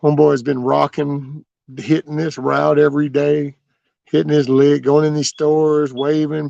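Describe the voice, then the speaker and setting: A man with a drawl talks through a casual livestream in a gravelly voice with a rough edge, telling loose, folksy stories and answering viewers. His sound is close and dry, with no room around it. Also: on the high side, flat delivery, normal speed, darkish tone, dry recording, dull audio. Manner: rambling, folksy storytelling with mild cursing. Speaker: livestream host.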